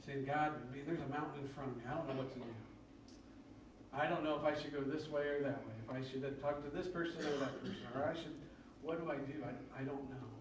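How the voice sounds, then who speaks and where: A man preaching a conversational sermon, acting out prayers and complaints in a lively, rising voice. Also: quick pace, noisy background. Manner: conversational, acts out prayers with rising excited pitch. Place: church sanctuary. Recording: very echoey church from far off.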